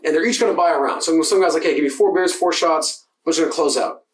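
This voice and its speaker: A man co-hosting a podcast, telling bartending stories in a fast, profane, casual way. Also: on the high side, far from the mic. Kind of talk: casual chat. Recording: roomy sound from off-mic.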